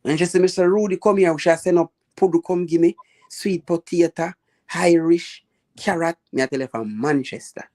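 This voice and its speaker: A man with a Jamaican accent hosting a live chat, telling lively stories about his childhood in patois and acting out the people he quotes. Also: a little high, normal speed. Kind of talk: casual storytelling chat.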